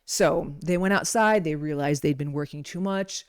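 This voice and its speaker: A woman's voice: deep voice, moderate pace, a little mellow, smooth, no room sound, clean studio sound. A woman giving a casual wellness talk, chatty and playful, wandering into stories and asides, on a modest home microphone. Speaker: wellness presenter. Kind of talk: casual teaching talk with storytelling.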